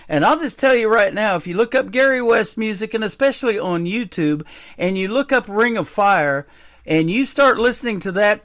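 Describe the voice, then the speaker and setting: A man's voice: sits high, a bit bright. A middle-aged man hosting a radio show, chatty and enthusiastic as he interviews his guest. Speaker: radio host.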